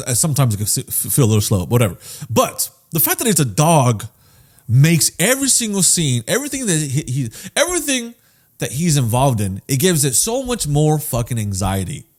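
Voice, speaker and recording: A man's voice: on the high side, breathy edge. A man co-hosting a podcast in casual chat, swearing freely and acting out the voices of the people he quotes. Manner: animated, profane, acts out quoted voices. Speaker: podcast co-host.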